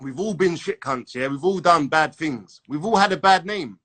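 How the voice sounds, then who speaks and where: A man's voice: a little high, animated, normal speed, bright, forceful tone. A man hosting a casual podcast chat, laid-back and persuasive, full of slang.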